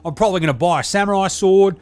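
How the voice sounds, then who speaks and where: A man's voice: high voice, fast, a little mellow, clear, resonant tone, voice pushed up, close to an everyday voice. A man voicing a brash, sweary Australian larrikin bloke who rambles in crude slang with an Australian accent. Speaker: podcast character segment.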